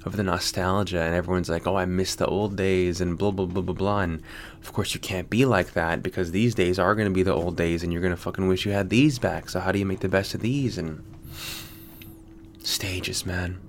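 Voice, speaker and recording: A man's voice: sits low, fairly even intonation, fairly quick, a little hiss or hum. An American man hosting a podcast, rambling casually with lots of fillers and swearing. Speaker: podcast host. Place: Sydney.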